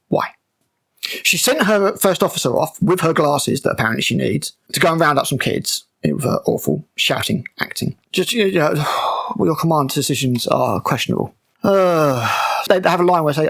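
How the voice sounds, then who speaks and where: A man's voice: a little high, expressive, a little fast, gravelly, fairly bright tone, husky. A man giving a sarcastic, exasperated breakdown of a TV episode, mocking it as he goes. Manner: exasperated, mocking, with frequent fillers and restarts. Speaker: TV show reviewer.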